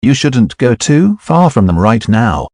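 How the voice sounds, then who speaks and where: A man voicing a gentle middle-aged father who gives calm advice. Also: medium pitch, measured pace, no echo, studio quality.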